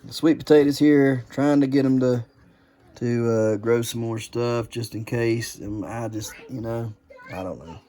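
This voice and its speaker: A man's voice: mid-range voice, a little slow, warm tone. A man, casually showing viewers around his homestead in a folksy vlog. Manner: folksy, addresses viewers as "guys" and "y'all". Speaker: homesteading vlogger. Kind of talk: casual walk-through vlog. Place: indoor grow room and outdoor homestead.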